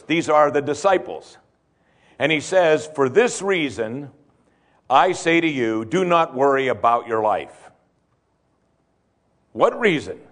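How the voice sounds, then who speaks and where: Animated male pastor preaching a sermon. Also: a little high. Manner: rhetorical questions, repeats key points for emphasis. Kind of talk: expository sermon.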